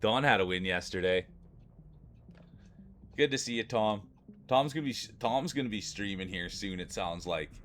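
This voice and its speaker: A man streaming live from home, chatting casually and warmly with his viewers, greeting them by name and often repeating himself. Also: on the low side, normal speed, pauses often, a little hiss or hum.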